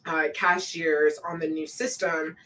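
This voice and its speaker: A woman's voice: low-pitched, flat delivery, unhurried, sharp tone, far from the mic, low-quality recording. A woman from Colorado hosting a podcast, talking animatedly in casual conversation, laughing and swearing freely. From Colorado, USA. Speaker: podcast host.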